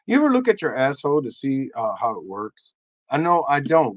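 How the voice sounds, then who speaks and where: Crude comic man, high voice, wild swings in pitch, dry close sound. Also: a little fast, no echo, lo-fi sound. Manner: animated, crude, bursts into shouts and silly voices. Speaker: comedy host. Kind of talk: crude comedic monologue.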